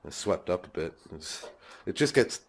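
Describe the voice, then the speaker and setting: A man's voice: deep voice, very animated, moderate pace, gravelly, a little hiss or hum. A man vlogging casually in his garage, swearing easily and chuckling as he talks into a handheld phone. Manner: swears casually, laughs often. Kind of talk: casual rambling vlog. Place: home garage. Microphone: phone camera held by hand.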